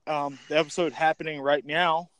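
A man's voice: a little high, steady tone, brisk, fairly bright tone, no room sound. A man co-hosting a wrestling podcast, telling stories in a jokey way and laughing often. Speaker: podcast co-host. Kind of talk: casual chat.

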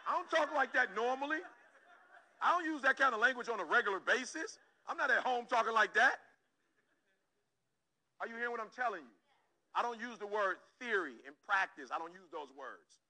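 High, bright-voiced motivational speaker. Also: male voice, expressive, fairly quick, pauses often, rough recording. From Detroit, Michigan, USA. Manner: emphatic, repetitive, addresses listeners directly. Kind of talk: motivational talk to an audience.

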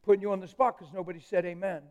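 A man preaching a live sermon in a church hall, emphatic and joking with the congregation, swinging from hushed asides to loud declarations. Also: high voice, little pitch movement, racing, dull audio. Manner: jokes with the congregation.

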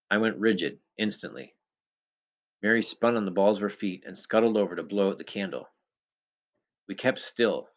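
Low-voiced man narrating a story. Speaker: audiobook narrator. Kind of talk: first-person scripted narration.

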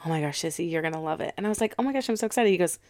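Young woman podcast co-host, casual storyteller, animated quotes, dry close mic. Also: lowish voice, racing, no room sound. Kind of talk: casual chat.

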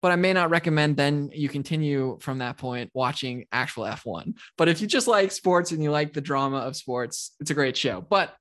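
A man co-hosting a podcast, telling a sports story in an animated, ranting way. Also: a little high, normal speed, hardly any pauses. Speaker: podcast co-host. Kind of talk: casual podcast chat.

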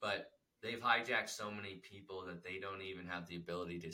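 Male podcast co-host, casual spiritual talk, low-ish, very bright tone, rambling and animated. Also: brisk, hardly any pauses, rough recording. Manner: rambling, animated, many restarts and "like".

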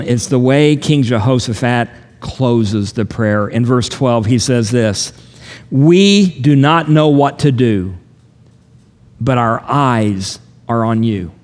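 An older man preaching a sermon with an earnest, measured delivery, dropping his pace on the lines he wants to land. His voice sits at an ordinary middle pitch and rings out with a long reverb, as if from a church sanctuary. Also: lively intonation. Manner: earnest, measured, slows down for emphasis. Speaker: pastor.

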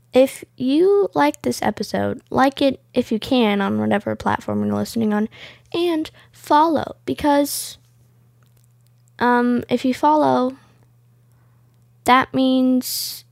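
A woman hosts her podcast in an easygoing, rambling way, leaning on "like" as she thinks aloud. Her voice sits fairly high and she takes her time. The sound is dry and close, with no room around it. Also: vocal fry, darkish tone, no room sound. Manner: rambling, full of "like" fillers. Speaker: podcast host. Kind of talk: casual podcast chat.

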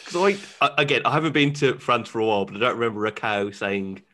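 A man's voice: medium pitch, animated, fast, sharp tone. A man co-hosting a casual podcast chat, asking the questions and steering the talk. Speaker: podcast co-host.

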